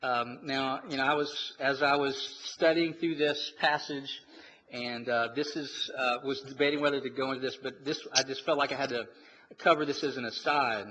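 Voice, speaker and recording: A pastor delivers his sermon with a bright, forward tone, often stopping and restarting his phrases. His voice carries a long reverb from the sanctuary around him. A faint hiss sits under the recording. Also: mid-range voice, fairly even intonation. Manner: halting, many restarts and fillers.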